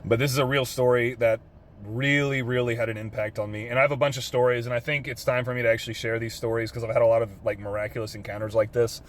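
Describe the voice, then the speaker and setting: A man's voice: mid-range voice, flat delivery, quick pace, a little hiss or hum. A young man from Texas with a drawl, earnestly telling an emotional story in his car, swearing casually with lots of fillers. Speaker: vlogger. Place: parked car.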